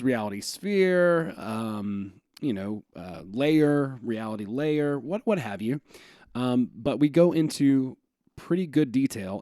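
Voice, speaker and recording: Excited chatty podcast host man. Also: mid-range voice, no echo. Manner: excited, chatty, many fillers and laughs. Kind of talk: casual podcast chat.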